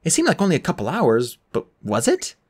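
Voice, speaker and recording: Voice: mid-range voice, a little fast, slightly rough. An audiobook narrator reading a first-person novel aloud and giving each character its own voice. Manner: animated, voices every character.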